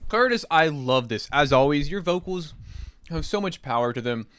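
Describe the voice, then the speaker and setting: A man's voice: on the high side, lively intonation, moderate pace, fairly bright tone, clear, resonant tone. Enthusiastic young man reviewing music on stream. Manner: enthusiastic, chatty, swears casually, reads chat aloud. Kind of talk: casual live-stream commentary.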